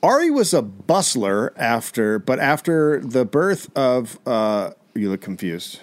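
A man's voice: mid-range voice, sing-song, slow. A middle-aged man co-hosting a comedy podcast, telling a history story in a wry, hesitant way with many fillers.

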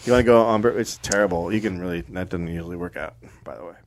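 A middle-aged man with a fairly low voice tells a story on a comedy podcast. He delivers it dry and deadpan, slipping in sardonic asides. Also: fast talker. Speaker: podcast co-host telling a history story.

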